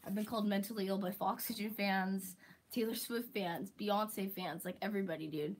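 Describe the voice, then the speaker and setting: Speaking directly to the camera, a young vlogger delivers a casual, exasperated rant in a mid-pitched voice with fairly even intonation and a moderate pace. She swears freely, fills her sentences with "like" and puts on goofy mocking voices to imitate the critics annoying her. The rough recording carries slight background noise.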